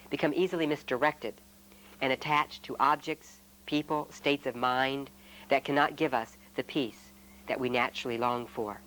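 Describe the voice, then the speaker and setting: Male friar, retreat talk, reflective and measured, mid pitch, faint hiss. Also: low-quality recording. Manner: measured and reflective, with gentle humor.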